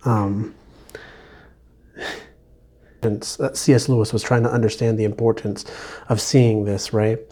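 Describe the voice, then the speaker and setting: A man giving a casual book review on video, speaking haltingly with frequent restarts. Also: on the low side, little pitch movement, warm tone. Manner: halting, with many restarts and small laughs.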